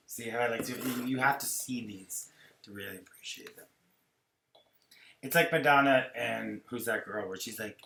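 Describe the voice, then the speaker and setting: A man's voice: medium pitch, normal speed, creaky, pauses often, roomy sound, slight background noise. Rambling, gossipy male podcast host. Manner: rambling, animated, full of impressions. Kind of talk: gossipy casual chat.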